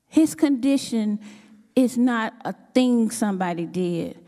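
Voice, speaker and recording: A woman sharing a testimony at church, telling her story with animated, expressive delivery. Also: unhurried. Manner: expressive, acts out her own quotes with sudden pitch jumps. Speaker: church speaker giving a testimony. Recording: long hall reverb.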